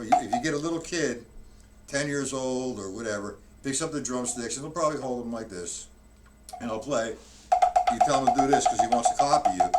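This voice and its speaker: A man teaching drums in a live-streamed lesson, explaining each step plainly and often restarting his sentences. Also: medium pitch. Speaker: drum teacher. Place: room with a drum kit. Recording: distant mic with loud drumming. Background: loud drumming.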